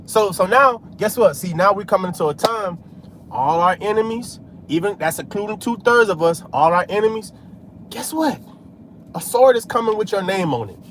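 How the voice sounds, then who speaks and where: A man's voice: sits high, lively intonation, normal speed, a bit bright, slight background noise. A man preaching in a casual street style, scattering "man" and "hey" through his talk while he drives. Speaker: religious vlogger.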